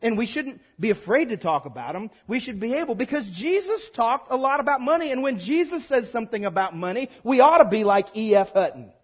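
A man preaching a sermon to his congregation as pastor, animated and repeating lines for emphasis, playfully mimicking the voices of his listeners. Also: very high voice, fairly quick, hardly any pauses, husky. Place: church sanctuary before a congregation.

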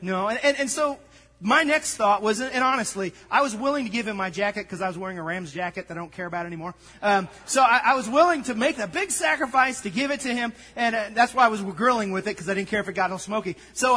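A man preaching a sermon, telling a story and acting out the dialogue with lively energy. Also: extremely high pitch, breathy edge, big-room sound. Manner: storytelling, animated, acts out dialogue. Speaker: pastor.

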